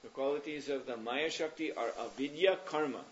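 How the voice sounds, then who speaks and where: A man's middle-pitched voice comes through a dull, lo-fi recording with faint hiss as he teaches a spiritual class. His explanatory talk is thoughtful and meandering, broken by um and uh while he searches for words.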